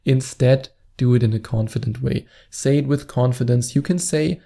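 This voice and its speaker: A male dating coach talks straight to camera in an advice vlog. His voice is gravelly and very dark. He hammers points home by repeating the same words again and again. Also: mid-range voice, moderate pace. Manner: emphatic, repeats words for stress.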